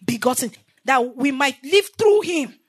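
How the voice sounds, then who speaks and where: High-voiced woman preaching a sermon. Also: animated, measured pace. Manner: call-and-response, leaves verses for listeners to finish; repetitive, emphatic teaching.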